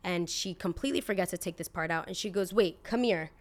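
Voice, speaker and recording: A woman's voice: on the low side, quick pace. A woman in her twenties hosting a podcast, talking in a blunt, indignant, casual way, full of "like" and the odd swear word. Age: 20s. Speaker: podcast host. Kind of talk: casual opinion podcast monologue.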